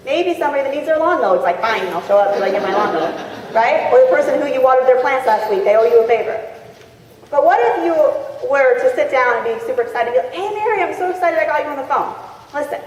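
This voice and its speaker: Brief: higher-voiced woman, lively seminar speaker, chatty, heard from afar in a big reverberant hall. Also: fast talker. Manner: lively, chatty, acts out phone calls. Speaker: motivational speaker. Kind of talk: live seminar talk to a crowd. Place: large convention hall. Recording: echoey hall recorded from far off.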